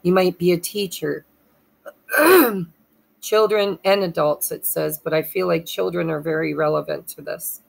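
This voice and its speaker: A woman giving a pick-a-pile tarot reading with a hoarse throat she keeps clearing, talking in a halting way, spelling out names and losing her place. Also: lowish voice, poor audio. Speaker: tarot reader.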